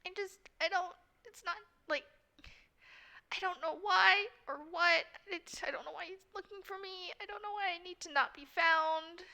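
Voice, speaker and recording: A woman's voice: very high-pitched, slow, pushed and bright, pitched above the performer's own voice, exaggerated voice. A woman voicing a timid young woman character who talks in a shaky, teary, pleading way. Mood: anxious.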